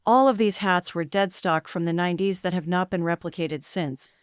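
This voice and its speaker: A man putting on a high girly voice as a mock AI version of a woman. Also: moderate pace, smooth, no echo, clean studio sound, natural voice. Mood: playful. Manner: high, girly, flat readout.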